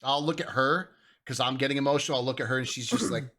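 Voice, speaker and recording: A man's voice: mid-range voice, quick pace, fairly bright tone. A man chatting as a podcast guest, talking in an earnest, heartfelt way with the odd swear word. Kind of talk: casual podcast chat.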